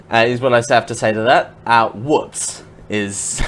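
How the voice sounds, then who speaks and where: A man's voice: medium pitch, slow pace, a bit bright. A man from Australia hosting a live podcast on his own, rambling and joking, correcting himself as he reads out lists. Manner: rambling, self-correcting, jokey. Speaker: podcast host. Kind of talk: solo live podcast chat. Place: home room, window closed. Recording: faint background noise from outside work.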